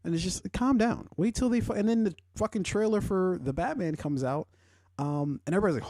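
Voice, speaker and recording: A young man hosting a podcast, chatting casually and rambling, swearing often and swinging into loud, animated rants. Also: high voice, brisk, no echo, studio quality. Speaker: podcast host. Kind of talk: casual pop-culture chat.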